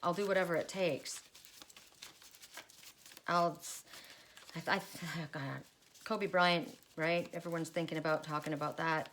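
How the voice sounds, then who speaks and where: A woman's voice: deep voice, fairly even intonation, unhurried, long pauses, a bit bright, a little hiss or hum. A middle-aged woman giving a solo oracle card reading, musing aloud and repeating card messages in rambling asides.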